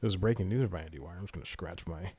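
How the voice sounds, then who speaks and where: A man's voice: deep voice, rapid-fire, warm tone, slightly rough. A man hosting a comedy podcast, rambling through news stories in a casual way, correcting himself often and reading articles aloud. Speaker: podcast host.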